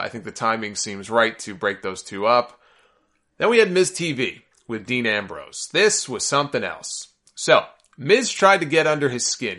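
Sarcastic man with a bright voice. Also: mid-range voice. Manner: opinionated, sarcastic commentary; gets exasperated and worked up. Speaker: podcast host. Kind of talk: solo podcast recap.

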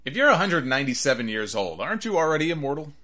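A man's voice: on the high side, very animated, fast talker, sharp tone. A man hosting a wrestling podcast, rambling and sarcastic in casual commentary.

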